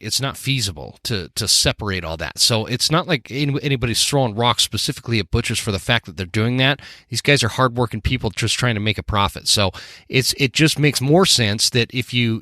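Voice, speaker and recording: A man's voice: on the low side, bright, forceful tone, no room sound, studio quality. A man hosting a podcast, talking earnestly and often restarting his sentences. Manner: earnest, with frequent restarts and fillers. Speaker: podcast host. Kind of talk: casual podcast conversation.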